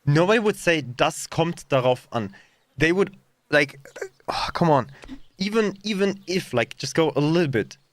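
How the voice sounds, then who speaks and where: A man's voice: a little high, expressive, normal speed, no room sound. A German man with a German accent streaming a game live, rambling and hesitant as he mocks the dialogue. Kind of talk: live gameplay commentary.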